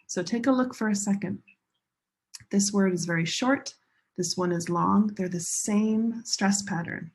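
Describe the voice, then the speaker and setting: A woman teaching English pronunciation in a classroom lesson, slowly modeling each word and stressing syllables with care. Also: mid-range voice. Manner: slow, deliberate modeling of words with clear stress.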